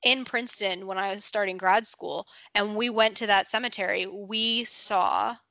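A woman's voice: mid-range voice, fairly even intonation, normal speed, vocal fry, pushed and bright, no room sound. A young adult woman co-hosting a casual podcast, explaining facts in a friendly, informative way and laughing easily. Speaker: podcast co-host.

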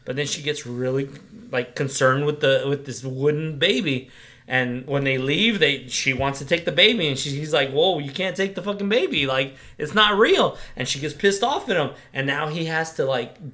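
A young man on a podcast, excitedly retelling a horror film in casual, profane chat. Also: medium pitch, normal speed. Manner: excitable, profane, animated storytelling. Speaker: podcast co-host.

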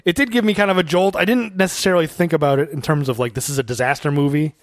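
A man co-hosting a casual movie review chat, animated and quick to mimic characters. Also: a little high, no echo. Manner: animated, mimics characters, frequent laughs and fillers. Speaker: podcast co-host.

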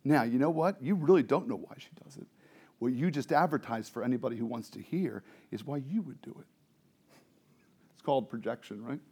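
A man preaching a sermon as pastor, moving between soft, confiding asides and loud, fervent preaching, often asking the congregation questions. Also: medium pitch, a little fast, breathy edge. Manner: swings from quiet, intimate asides to loud, impassioned preaching.

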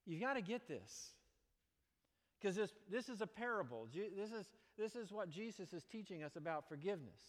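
A male pastor preaching a sermon, animated, moving between loud exclamations and quiet, earnest passages. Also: sits high. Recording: long reverb of a large hall.

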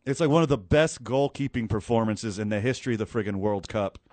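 A man chatting casually about soccer, recounting the game in an animated, excitable way with quick asides. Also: fairly low pitch, no echo. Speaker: co-host. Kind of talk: casual sports chat.

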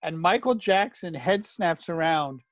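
High-voiced man telling stories. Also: unhurried, no room sound. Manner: animated anecdote teller. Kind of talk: casual storytelling.

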